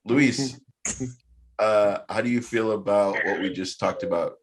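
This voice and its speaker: A man hosting a podcast in casual chat, animated and swearing freely as he riffs. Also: fairly low pitch, a little slow, crowd noise. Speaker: podcast host.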